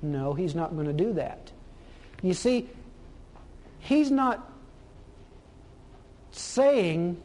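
A man's voice: high-pitched, big pitch swings, very slow, pauses often, darkish tone. A man preaching a sermon, emphatic, asking rhetorical questions and repeating phrases for stress.

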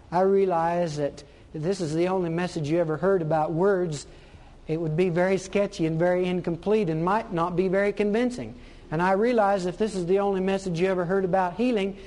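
High-voiced man preaching a sermon. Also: warm tone. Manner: emphatic, rhetorical questions, repeats phrases for stress.

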